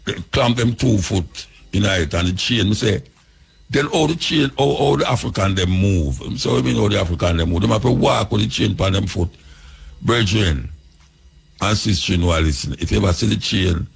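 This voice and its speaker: Gravelly deep-voiced Jamaican man. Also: moderate pace. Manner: patois storytelling, addresses listeners directly. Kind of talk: storytelling to listeners.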